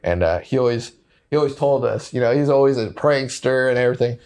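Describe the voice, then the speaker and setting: A man's voice: medium pitch, lively intonation, fast talker, a little mellow, clear, resonant tone. A man in his thirties, a Marine gunnery sergeant and podcast guest, telling casual stories with frequent laughter and quoted exchanges. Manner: laughs often, quotes people in short bursts. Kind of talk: casual interview storytelling.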